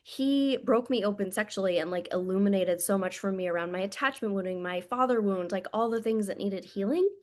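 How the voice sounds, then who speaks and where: A woman's voice: mid-range voice, fairly quick, hardly any pauses, darkish tone. A woman speaking as a spiritual coach in a casual monologue to camera, blunt and intimate, swearing freely and calling her listeners "my loves".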